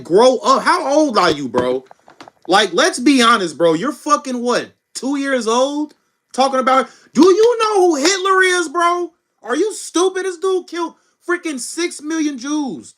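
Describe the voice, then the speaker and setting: A man's voice: very high-pitched, a bit bright. A man hosting a political livestream, ranting at chat in a scornful, insulting way and tacking "bro" onto his lines. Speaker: livestream host. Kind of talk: heated political livestream rant.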